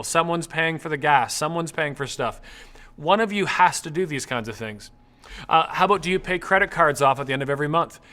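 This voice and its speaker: Man, middle-aged, from Canada, public talk, conversational, acts out stories, bright tone. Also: on the high side. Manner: animated, conversational, acts out anecdotes. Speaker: speaker on dating and relationships.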